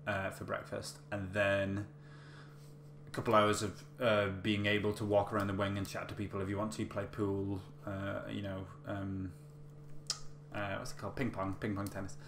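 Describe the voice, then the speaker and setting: A man with a lowish voice tells a personal story in a loose, rambling way, full of ums and self-corrections. He is recorded in an echoey room with a faint hum behind him. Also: monotone, moderate pace, gravelly, fairly bright tone. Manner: chatty, rambling with many fillers and restarts. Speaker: vlogger. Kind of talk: casual storytelling.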